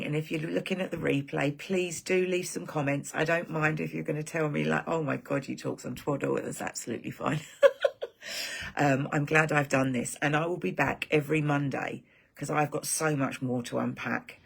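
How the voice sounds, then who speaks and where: A woman's voice: sits low, fairly even intonation, normal speed, creaky, husky. A woman hosting a live stream for her group, talking in a rambling, heartfelt casual chat.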